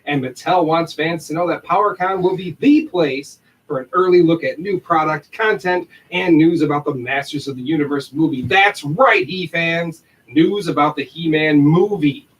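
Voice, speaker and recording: A man's voice: fairly high pitch, normal speed, hardly any pauses, distant mic, rough recording. A man co-hosting a podcast livestream, reading an upbeat announcement and then chatting and laughing loosely. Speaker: podcast co-host.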